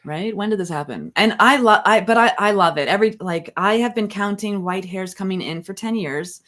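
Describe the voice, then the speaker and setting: A woman in her forties co-hosting a casual spiritual talk show, playful and quick to laugh. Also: medium pitch, a bit bright. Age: 40s. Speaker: co-host, spiritual leader. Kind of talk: casual chat.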